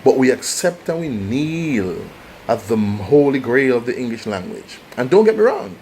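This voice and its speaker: Young Jamaican man, impassioned vlogger, sweeping animated intonation, slight background noise. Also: medium pitch, moderate pace, rough recording. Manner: passionate, preachy, rhetorical questions. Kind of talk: opinionated commentary to camera.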